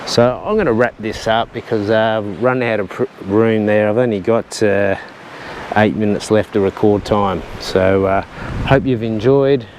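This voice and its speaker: A man with a lowish voice chats his way along an outdoor trail, rambling easily with plenty of "uh"s. The clip is handheld and outdoors, and clear open-air noise sits under his voice throughout. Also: steady tone, a little slow, darkish tone, rough recording. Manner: chatty and rambling, with frequent "uh" and a light joking tone. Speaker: vlogger. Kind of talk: casual walking vlog narration. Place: outdoors on coastal cliff trails and caves.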